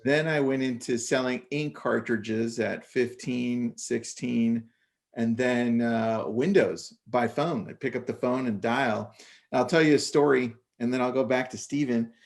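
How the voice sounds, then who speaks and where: A man with a gravelly, fry-tinged voice chats casually on a real estate panel. He tells stories with animated energy and tosses in quick asides. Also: medium pitch. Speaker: podcast co-host.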